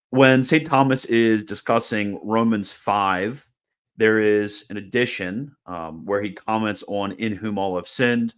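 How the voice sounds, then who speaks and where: Low-voiced man giving a chatty lecture. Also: fairly bright tone. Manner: chatty and informal, repeats words and restarts phrases. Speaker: host of a theology video channel. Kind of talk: casual explanatory video lecture.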